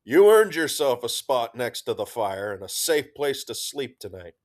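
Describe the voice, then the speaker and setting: A man's voice: medium pitch, expressive, measured pace, voice pushed up, lightly acted. A man voicing a brash, friendly woman sergeant who teases and gives orders. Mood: firm. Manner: teasing, bossy.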